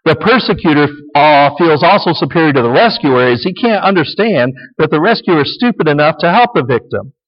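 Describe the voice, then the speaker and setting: A man teaching a sermon in a conversational, folksy way, often checking in with "okay?". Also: a little high. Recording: dull lo-fi sound with long hall reverb.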